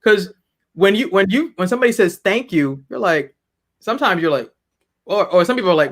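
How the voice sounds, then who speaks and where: A woman business founder as a guest on an interview show, talking in an animated, humorous way with frequent restarts. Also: medium pitch, brisk. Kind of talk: interview conversation.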